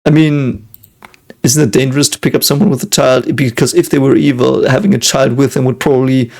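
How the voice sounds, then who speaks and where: A man's voice: mid-range voice, steady tone, brisk, gravelly, a little mellow. A German man hosting a casual reaction video, talking in English with a German accent, hesitant and full of fillers and restarts, chuckling often.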